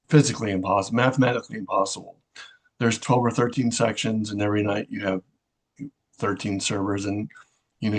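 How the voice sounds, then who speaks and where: A middle-aged man tells a personal story in a low, fairly monotone voice. He speaks haltingly, with frequent fillers and restarts.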